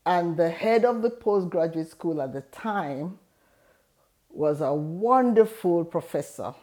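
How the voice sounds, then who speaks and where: A woman's voice: fairly low pitch, a little slow, darkish tone. A middle-aged woman hosting an advice video, telling a personal story in an earnest, encouraging way. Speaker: host giving advice. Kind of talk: motivational talk.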